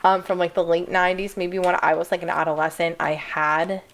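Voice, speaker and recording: A young woman vlogging as she unboxes and reacts, excited and chatty, with "like" in nearly every phrase. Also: fairly low pitch, fairly quick. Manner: excited, chatty, full of "like" fillers.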